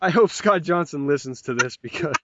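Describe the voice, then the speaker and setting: A man's voice: a little high, big pitch swings, brisk, background noise. A man hosting a casual podcast, rambling and joking as he reads listener messages aloud, and he has a mild migraine. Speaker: podcast host. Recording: dull lo-fi podcast audio, dry.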